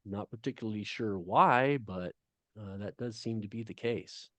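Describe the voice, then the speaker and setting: A middle-aged man, a guest author, talking casually on a video call, halting often with fillers. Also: fairly low pitch, no room sound. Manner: halting storytelling with many fillers.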